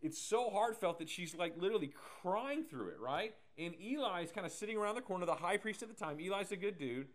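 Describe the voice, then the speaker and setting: A man's voice: high voice, lively intonation, brisk, hardly any pauses. A man preaching a casual, joking sermon, explaining scripture with laughs and asides. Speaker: pastor.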